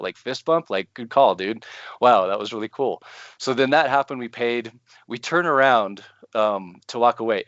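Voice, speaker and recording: A man co-hosting a podcast, telling a personal story in a casual, animated way and laughing often. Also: medium pitch, no echo, muffled recording. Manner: animated, laughs often, acts out his own panic. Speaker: podcast co-host.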